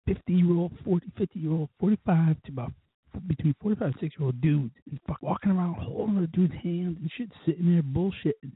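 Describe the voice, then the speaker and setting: A drunk man hosts a podcast, rambling with profanity through stories full of quoted asides. His husky voice sits on the high side and moves briskly, coming through a tinny, phone-like line.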